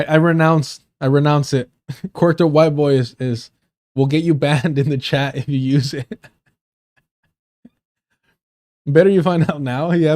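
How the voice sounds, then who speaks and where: A man's voice: mid-range voice, dark tone, no room sound. A man hosting a livestream, reading an article aloud and breaking off into profane, joking asides. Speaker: livestream host.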